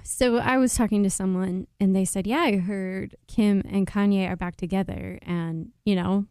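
A woman's voice: mid-range voice, fairly even intonation, moderate pace, darkish tone, clear, resonant tone, dry recording. A woman co-hosting a casual pop-culture chat, easygoing with a dry sense of humor. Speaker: podcast co-host.

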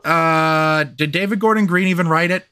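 A man's voice: a little high, moderate pace, pushed and bright, clean tone, no echo. A man hosting a casual movie podcast, talking emphatically and swearing freely into a close mic. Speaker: podcast host. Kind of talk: casual film discussion.

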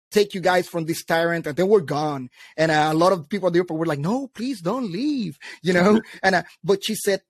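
A man, a military veteran, chatting casually and telling lively stories, acting out the people he quotes. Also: a little high, no room sound, clean studio sound. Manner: animated storyteller, quotes people in voices. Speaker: veteran guest. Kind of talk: casual chat.

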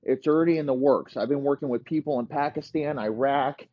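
A man voicing a foul-mouthed, scheming aging football executive in a gruff, low, menacing voice, swearing constantly. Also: brisk, no echo, lo-fi sound, lightly acted. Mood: threatening.

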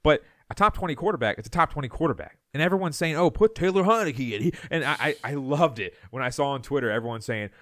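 A man's voice: medium pitch, fast, few pauses, a bit bright, no echo, studio quality. A man co-hosting a sports podcast, ranting heatedly, stumbling over and repeating words as he gets worked up. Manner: fired up, repeats words, mocks others in put-on voices. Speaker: podcast co-host.

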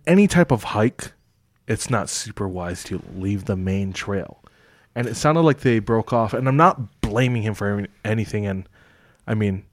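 A man's voice: medium pitch, a little mellow, no room sound, clean studio sound. A man co-hosting a podcast, retelling a story in casual chat with many fillers. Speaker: podcast co-host.

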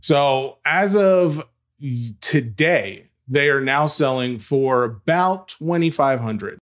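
A man's voice: medium pitch, lively intonation, slow pace, fairly bright tone. A man co-hosting a casual sports-card podcast, dry and sarcastic, reading out sale prices. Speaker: podcast co-host. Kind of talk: casual podcast chat about sports cards.

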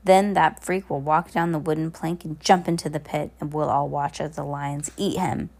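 A woman reading aloud and voicing a scheming male villain who leads a troupe, with a low, gravelly voice and a few slips. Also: fairly even intonation, normal speed, a little mellow.

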